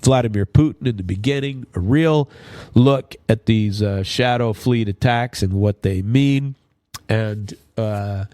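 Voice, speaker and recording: A man's voice: lowish voice, measured pace, dark tone, no echo. A man hosting his own radio show, rambling through news commentary with many fillers and restarts. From Minnesota. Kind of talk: casual news commentary monologue.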